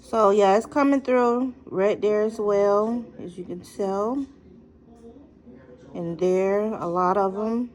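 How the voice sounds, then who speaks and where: A woman's voice: mid-range voice, slow pace, a little mellow. A woman records a casual gardening vlog on her phone at home. She chats loosely as she works, trailing off into fillers and restarting her sentences, in a plain everyday voice. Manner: chatty, thinks aloud with many fillers and restarts. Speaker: gardening vlogger. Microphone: phone camera.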